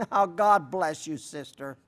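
A man's voice: a little high, takes it slowly, fairly bright tone. An older man preaching a folksy sermon, telling stories with emphatic repetition and answering listener letters. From rural sheep-raising upbringing. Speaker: radio preacher.

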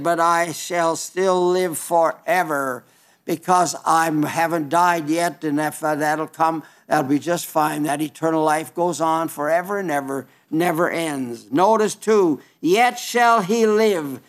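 A man preaching a sermon, emphatic and folksy, quoting scripture in King James wording and dropping into low, wry asides. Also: steady tone, a little slow, a bit bright.

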